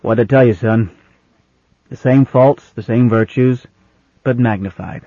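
A husky-voiced man playing a wry, worldly senior man in an audiobook, dry, gently teasing and fatherly. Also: medium pitch, a little slow, no echo, muffled recording.

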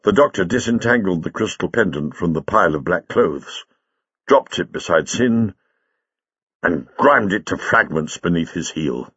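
A man narrating a story in an expressive, dramatic reading style, on a dull lo-fi recording. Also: deep voice, normal speed, slightly rough, dry recording. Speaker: audiobook reader. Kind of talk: scripted narration.

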